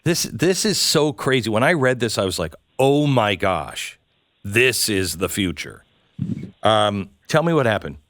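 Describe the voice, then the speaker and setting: A man hosting an interview show, talking haltingly with many fillers and restarts. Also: lowish voice, sing-song, fairly bright tone, dry recording, studio quality. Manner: halting, stumbles over words with many fillers. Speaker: radio talk show host.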